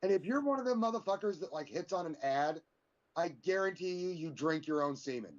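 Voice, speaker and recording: A man's voice: fairly high pitch, lively intonation, a little fast. Ranting, profane man on a podcast. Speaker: podcast co-host. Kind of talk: casual wrestling chat. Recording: dull lo-fi sound.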